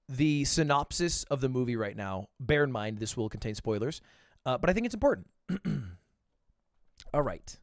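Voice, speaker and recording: A man's voice: a little high, fairly bright tone, no room sound, studio quality. A male streamer telling a story in a casual, self-deprecating way, swearing freely.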